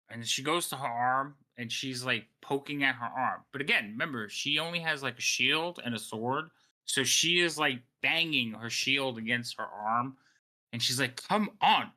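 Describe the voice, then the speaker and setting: A man acting as game master in an online tabletop game, explaining rules quickly and laughing often. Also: mid-range voice, pushed and bright.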